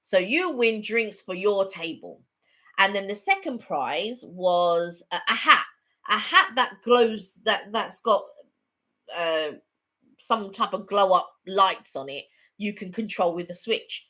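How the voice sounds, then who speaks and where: A woman's voice: mid-range voice, animated, slow pace, sharp tone. A woman co-hosting a casual live stream chat, telling a long rambling story with lots of repetition.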